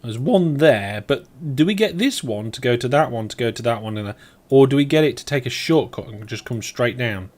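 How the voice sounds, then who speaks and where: A man's voice: medium pitch, animated, brisk, a little mellow. A man streaming a game live, thinking aloud as he plays and chatting back to his viewers. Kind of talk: live let's play commentary.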